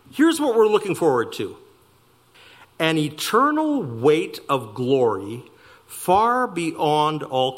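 A man preaching a sermon, slowing down to stress key words and speeding through asides. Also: on the high side. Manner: animated preaching, slowing for emphasis and rushing asides. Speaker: pastor.

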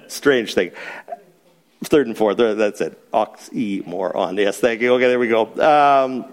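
A man's voice: medium pitch, darkish tone. A man teaching a Bible study to a small group in a church, chuckling often and asking rhetorical questions and then answering them.

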